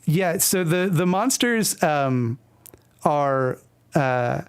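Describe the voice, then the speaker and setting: A man's voice: a little high, expressive, very slow, smooth. A man hosting a stream, reading his old comic aloud with rambling, self-mocking commentary full of fillers and restarts. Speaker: streamer host.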